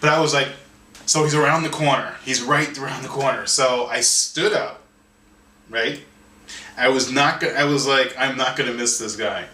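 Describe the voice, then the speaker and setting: A man, an artist and author, telling a story in an interview in an animated way, often restarting and repeating words. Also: mid-range voice, moderate pace. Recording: roomy sound from a distance, faint ambience.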